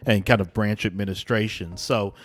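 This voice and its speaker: A man hosting a podcast interview, speaking in a halting way, searching for his words. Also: lowish voice, fairly even intonation. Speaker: podcast host.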